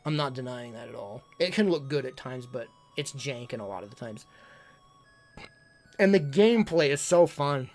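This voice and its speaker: A streamer talking casually on a live stream, gushing and excitable, often stumbling and repeating words. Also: mid-range voice, normal speed. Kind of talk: casual livestream talk ranking games.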